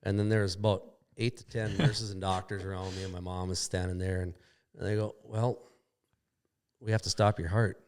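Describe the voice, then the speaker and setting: The voice is deep and darkish, delivered at normal speed with little variation in pitch. A man guesting on a podcast from a shop tells a drawn-out story about a crash. He wanders off track, curses freely, and plays out the dialogue.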